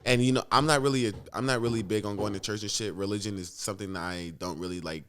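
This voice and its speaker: Young adult man, casual vlogger; restless, profane, low-pitched storytelling. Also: fairly even intonation, fast talker, a bit bright, clean tone.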